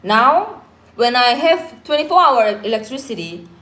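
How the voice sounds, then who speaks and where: A woman's voice: on the high side, very animated, unhurried, fairly bright tone. Woman, reflective, roomy echo. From Korea. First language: Korean. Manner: reflective, earnest, mixes in pidgin phrases. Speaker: livestream co-host. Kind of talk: casual live chat. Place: home during a power cut.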